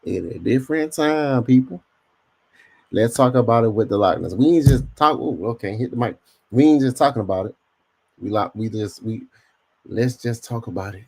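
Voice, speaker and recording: A man's voice: mid-range voice, normal speed, vocal fry, husky. A man hosting a casual podcast livestream, talking in slang and speaking straight to his chat. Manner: slangy, animated, addresses chat directly. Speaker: podcast host.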